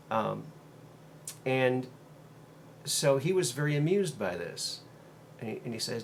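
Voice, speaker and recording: A man's voice: medium pitch, sing-song, vocal fry, a little hiss or hum. A man hosting his own show, retelling a story in a loose, meandering way with many ums and uhs. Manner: meandering, halting, frequent um and uh fillers. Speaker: host. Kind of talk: casual monologue retelling a story.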